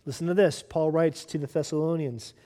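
A pastor delivers a sermon in a voice that sits on the high side for a man. He talks in an emphatic, direct way and keeps putting pointed questions to his listeners. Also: fairly even intonation, brisk, dark tone.

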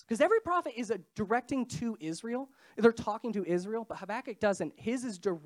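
Young woman, casual sermon, stuffy nasal voice, animated intonation, self-deprecating asides. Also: mid-range voice. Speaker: preacher.

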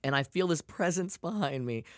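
This podcast co-host has a fairly high-pitched voice and speaks at a moderate pace in a clean studio recording with no room sound. His casual chat is full of stories and heavy profanity, delivered with lively energy.

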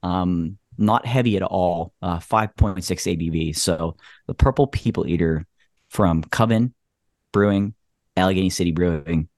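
A man's voice: low-pitched, moderate pace, darkish tone, no echo, studio quality. A man co-hosting a casual podcast, joking and making puns while describing a beer. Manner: playful, punny, laughs often. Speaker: podcast co-host. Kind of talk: casual chat.

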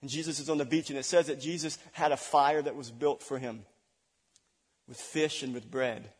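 A man preaching a sermon, dramatic, swinging between loud declarations and hushed asides. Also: mid-range voice, steady tone, moderate pace, husky. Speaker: pastor. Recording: long reverb of a large hall.

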